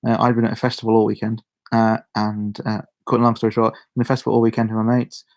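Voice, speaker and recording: A young YouTuber from Shropshire, England, chats casually to his viewers in a Shropshire accent, rambling, restarting sentences, and chuckling a lot. His voice is on the low side and monotone, and he talks fast.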